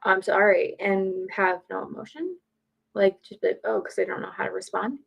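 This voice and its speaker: Casting: outspoken woman streamer, gravelly edge, casual and profane. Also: medium pitch, moderate pace, dull audio. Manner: blunt, swears freely, chatty and opinionated. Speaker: streamer, podcaster. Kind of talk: casual live-stream chat. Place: home.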